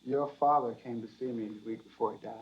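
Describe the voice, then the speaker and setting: Calm lawyer, played by a man, deliberate and pointed, muffled film sound. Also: medium pitch, a little hiss or hum, lightly acted. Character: calm, pointed lawyer confronting a rich family. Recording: dull film audio.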